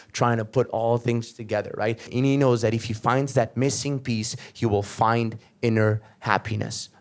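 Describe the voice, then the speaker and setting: A young man from Portugal, doing a stand-up comedy set on a club stage, telling animated stories with frequent "right?" asides. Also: mid-range voice.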